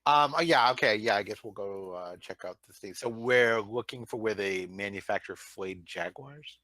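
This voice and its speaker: Man, low bright voice, sarcastic tabletop player, dry sound. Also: moderate pace, no echo, rough recording. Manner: joking, sarcastic. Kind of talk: casual chat.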